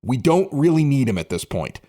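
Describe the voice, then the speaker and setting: A man's voice: mid-range voice, very animated, moderate pace, dark tone. A man hosting a sports podcast, talking bluntly and emphatically in casual chat, full of strong opinions. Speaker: podcast host.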